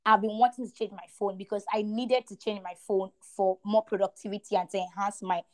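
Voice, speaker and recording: A young adult woman co-hosting a podcast, sharing a faith testimony in an animated, emphatic way with a lot of repetition. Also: medium pitch, a little fast. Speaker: podcast co-host.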